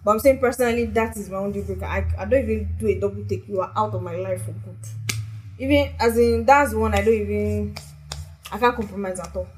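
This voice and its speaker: A woman's voice: medium pitch, quick pace, a little hiss or hum, poor audio. A young woman who talks frankly and swears freely as a podcast co-host in casual chat.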